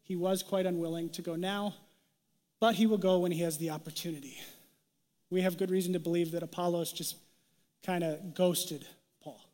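A man's voice: high-pitched, fairly even intonation, moderate pace, long pauses, darkish tone. A young adult man preaching a casual, joking sermon as a pastor, acting out quoted voices as he goes. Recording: long hall reverb.

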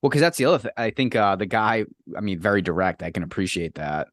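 A man's voice: lowish voice, fast, no room sound, clean studio sound. A man in casual podcast chat who rants in a profane, exasperated way.

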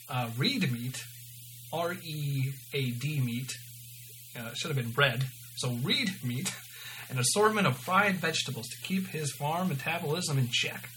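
A man's voice: a little high, pushed and bright, slight background noise, rough recording. Stumbling man reading a story aloud. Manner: stumbling and self-correcting, amused. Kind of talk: reading his own story aloud, casual.

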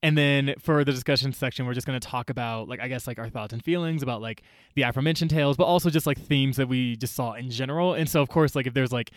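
A woman's voice: rumbling low, fast talker, no room sound, studio quality. A woman co-hosting a casual chat, slangy and profane, laughing often. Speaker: podcast co-host.

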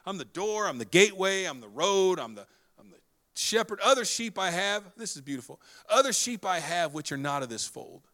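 Male pastor preaching with an animated delivery, bright and forceful, acts out scenes. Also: high voice, brisk. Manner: animated, wide swings in loudness and pace; acts out quoted dialogue. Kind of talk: sermon.

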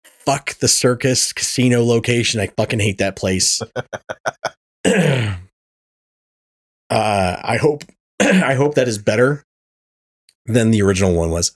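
A man hosting a podcast, chatting casually, swearing often and telling animated stories. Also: medium pitch. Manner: animated storytelling, swearing and laughing. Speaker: podcast host. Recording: poor audio from a faulty mic.

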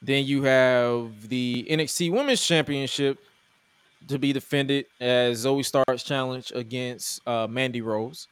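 A man's voice: mid-range voice, steady tone, measured pace, clear, resonant tone, no echo. A man co-hosting a podcast, chatting casually and jokingly about wrestling with loose restarts. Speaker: podcast co-host.

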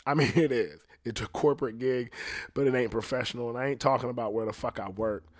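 A young man rambles on his podcast in loose, profane, offhand talk, now and then laughing at himself. His voice sits at an ordinary middle pitch. The sound is close and dry, with no room around it. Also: fast talker, no echo. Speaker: podcast host. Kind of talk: casual rambling monologue.

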